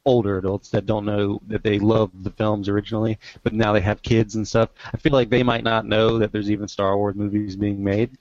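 A man chatting casually about movies, relaxed and filling his talk with "like". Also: on the low side, a little fast, few pauses, no echo, muffled recording. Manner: relaxed, says "like" a lot.

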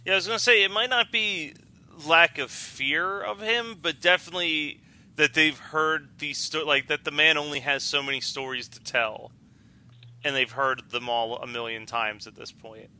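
A man hosts a casual movie podcast and keeps the conversation moving. His tone is very bright and sharp, and he laughs easily. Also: on the high side, fairly even intonation. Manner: steers the talk, quick laughs. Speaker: podcast host.

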